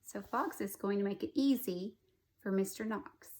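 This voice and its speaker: A woman, a first grade teacher, reading a picture book aloud to children and gently commenting on the pictures. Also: mid-range voice, moderate pace.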